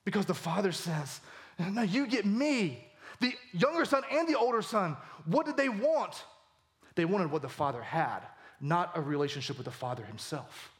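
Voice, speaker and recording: Man, pastor, sermon, animated, high voice. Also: normal speed. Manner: animated, voice rising high for emphasis.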